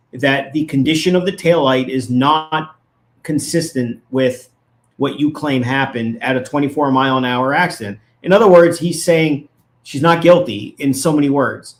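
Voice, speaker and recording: A man's voice: mid-range voice, normal speed. A man, a lawyer, giving legal analysis as a guest in a casual interview, arguing his points emphatically and with indignation.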